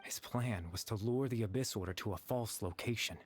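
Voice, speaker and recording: A man voicing a gentle young man who exists only in people's memories, explaining things in a calm, measured way in a game cutscene. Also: on the low side, heavy background noise, lightly acted. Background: faint game music.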